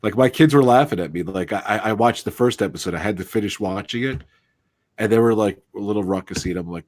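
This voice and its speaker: A man co-hosting a casual live chat show, telling enthusiastic stories in an animated way. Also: lowish voice, quick pace, no room sound. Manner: excited, animated storyteller. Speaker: podcast co-host.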